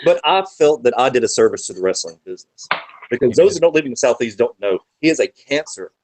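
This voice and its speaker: A man's voice: mid-range voice, fast talker, slight background noise, poor audio. A man talking as a podcast guest, swearing freely while he tells long wrestling-world anecdotes. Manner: profane, animated, rambling anecdotes. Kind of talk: casual storytelling chat.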